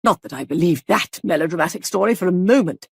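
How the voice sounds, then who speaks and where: A woman voicing a haughty, sharp-tongued older woman who complains with scorn. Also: fairly low pitch, expressive, fast talker, gravelly, husky, no echo, clean studio sound, heavily acted. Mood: scornful.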